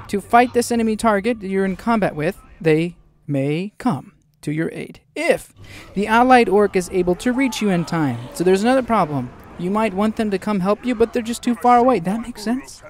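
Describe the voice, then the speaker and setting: A man with a high, bright-pitched voice hosts casual game news, excitable and fond of playful asides. He speaks in a loose, chatty commentary manner. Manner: excitable and jokey, with quick asides. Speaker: gaming news host.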